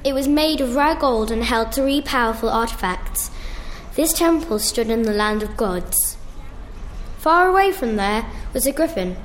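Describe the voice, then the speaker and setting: A woman reading a storybook tale aloud, slowly and carefully, with small restarts. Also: a little high, expressive, slight background noise.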